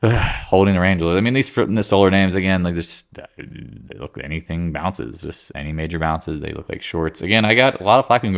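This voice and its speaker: Deep-voiced blunt market commentator man. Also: vocal fry. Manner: blunt, jokey, quick asides. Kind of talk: casual chart-by-chart market rundown.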